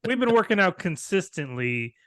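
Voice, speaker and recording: An animated male co-host with a bright, tense edge to his voice, exasperated and quick to swear. The sound is close and dry. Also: sits high, no room sound. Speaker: podcast co-host. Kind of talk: comedic podcast banter.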